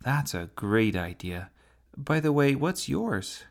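A man voicing a bossy, imaginative young girl in a children's storybook reading, his voice raised high. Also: sing-song, takes it slowly, vocal fry, heavily acted. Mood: chatty.

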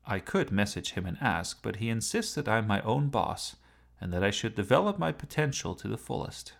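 A man's voice: on the low side, very animated, normal speed, gravelly, exaggerated voice. A man voicing a haughty, witty male talking sports car with a dry, lecturing manner. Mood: wry.

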